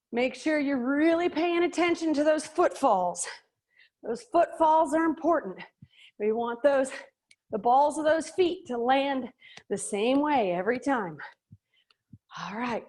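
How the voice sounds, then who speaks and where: A middle-aged woman instructing a live workout class, upbeat and joking, counting out reps and slightly out of breath. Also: on the high side. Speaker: fitness and yoga instructor.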